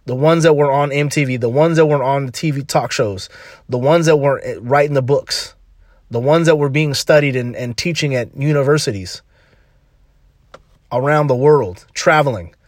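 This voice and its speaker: A man's voice: medium pitch, moderate pace, dry recording, clean studio sound. A man hosting a podcast, giving an emphatic, slangy motivational talk full of repeated punchy phrases. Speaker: podcast host.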